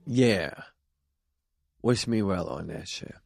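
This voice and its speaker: A man's voice: lowish voice, takes it slowly, no room sound. A man hosting his own vlog who talks in a rambling, profane way and slides into telling a stand-up bit. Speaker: vlog host and stand-up comic.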